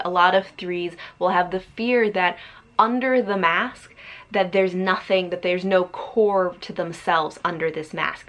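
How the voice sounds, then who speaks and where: A woman's voice: on the low side, fairly bright tone. A woman book vlogger explaining her ideas in a casual, thoughtful way, with frequent ums and likes.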